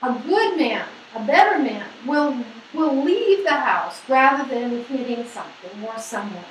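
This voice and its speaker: High-voiced woman lecturing in an echoey hall. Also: a little slow, a little hiss or hum. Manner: lively, asks the audience questions, acts out quoted people. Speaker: seminar presenter. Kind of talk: lecture to a women's group. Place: hall or meeting room. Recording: echoey room, mic at a distance.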